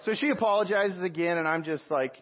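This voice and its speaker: A man preaching a sermon, telling a personal story with animated asides and self-mocking laughs. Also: sits high, a little fast, lo-fi sound. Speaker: pastor.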